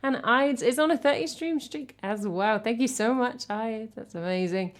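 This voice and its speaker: This English woman from England runs a music stream and chats casually between songs, reading chat and thanking viewers in a chatty, self-deprecating way. Her voice sits fairly high and moves at a moderate pace.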